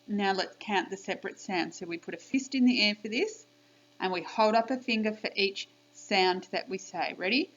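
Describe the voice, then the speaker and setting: A woman teacher giving a spelling lesson by video to young children, clearly sounding out letters and praising them. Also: mid-range voice, moderate pace, a bit bright, dull audio. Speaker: primary school teacher.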